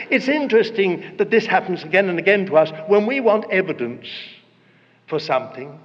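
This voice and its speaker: A man's voice: sits high, expressive, a little fast, a bit bright. A man preaching a sermon, telling a story dramatically and acting out the quoted voices. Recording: dull reverberant hall recording.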